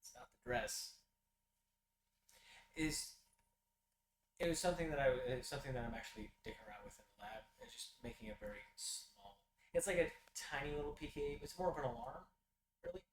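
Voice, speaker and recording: A man's voice: on the high side, a little fast, long pauses. Rambling man playing a tabletop game. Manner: rambling, hesitant. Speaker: player. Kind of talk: in-character tabletop play. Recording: echoey room with noise.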